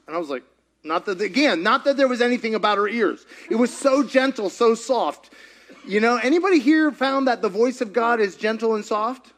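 Animated high-voiced male preacher. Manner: animated, chatty, laughs often. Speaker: pastor. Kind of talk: sermon with storytelling.

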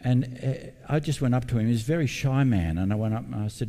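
A man's voice: mid-range voice, lively intonation, fast talker, few pauses, mellow, in a large hall. A middle-aged man preaching a sermon as pastor, earnest and personal, repeating his key points for emphasis. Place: church building.

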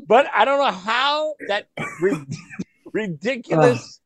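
A man telling a story to his friends in casual chat, animated, laughing often and repeating words. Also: high voice, slow pace, no echo.

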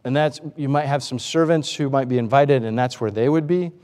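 A man's voice: mid-range voice, fairly quick, darkish tone, in a large hall. A man preaching a sermon, asking the congregation rhetorical questions and acting out the voices he quotes. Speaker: pastor.

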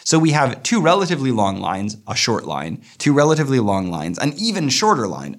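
A man teaching a poetry lesson, explaining verse and slowing down to read lines aloud thoughtfully. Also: lowish voice, sing-song, vocal fry. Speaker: literature teacher.

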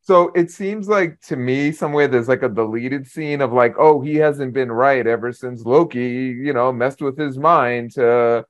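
A man's voice: mid-range voice, moderate pace, few pauses, highs cut off. Man musing through fan theories. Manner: thoughtful, talks through theories. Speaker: podcast co-host. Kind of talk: casual movie discussion.

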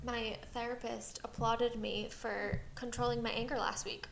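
A woman's voice: a little high, level tone, moderate pace, vocal fry, a bit bright, reverberant, slight background noise. A woman co-hosting a casual podcast, rambling through a long story about her son and acting out his lines. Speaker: podcast co-host. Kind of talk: casual chat.

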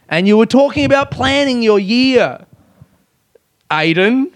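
A man's voice: very high voice, expressive, unhurried, pauses often, dry recording, clean studio sound. A man hosting a casual solo podcast, rambling and self-mocking, with frequent swearing. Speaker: podcast host.

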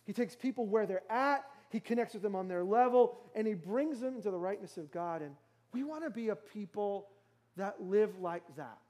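Brief: male pastor, high voice, conversational emphatic sermon with rhetorical questions. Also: animated, normal speed, a little mellow. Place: church.

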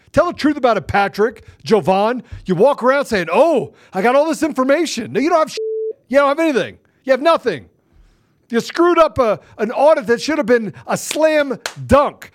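Furious high-voiced man ranting. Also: very animated, normal speed. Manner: angry, forceful, repeats himself. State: agitated. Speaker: guest. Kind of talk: heated political rant.

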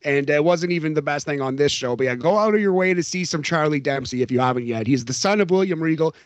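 A man co-hosting a wrestling podcast, his voice sitting a little high. He chats casually, jokes and laughs often. The sound is dry and close to the mic. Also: fast talker, no echo, lo-fi sound. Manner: animated, jokey, laughs often. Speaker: podcast co-host. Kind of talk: casual wrestling recap chat.

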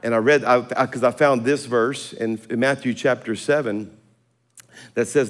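Animated pastor preaching. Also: male voice, mid-range voice, normal speed. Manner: animated storytelling with laughs and swings in loudness. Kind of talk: sermon. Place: church auditorium.

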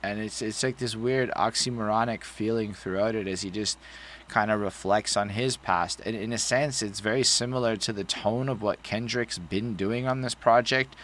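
A man with a lowish voice chats casually about a record, swearing freely and wandering from point to point. A faint hiss of noise sits under his voice. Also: fairly bright tone. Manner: loose, profane, rambling. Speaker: podcast co-host reviewing an album. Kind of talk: casual album review chat.

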